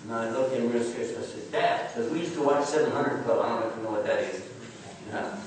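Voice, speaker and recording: A man's voice: medium pitch, quick pace, slight background noise. Guy telling funny stories to a crowd, chatty and jokey, keeps asking the audience stuff, voice sounds far off in a big echoey hall. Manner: chatty, jokes with the audience and asks it questions. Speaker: guest speaker. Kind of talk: humorous storytelling lecture. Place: large echoing lecture hall.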